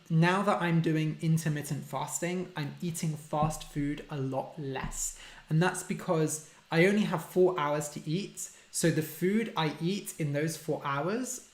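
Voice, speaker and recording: A man, a language teacher hosting a casual live-stream Q&A, reading out viewer questions and explaining simple words for learners. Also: on the high side. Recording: roomy echo.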